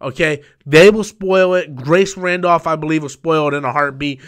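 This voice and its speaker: A man hosting a live stream, talking casually and profanely, repeating himself and quickly flaring into angry rants at viewers. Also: fairly high pitch, fairly bright tone. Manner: profane, repetitive, quick to anger. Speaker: livestream host.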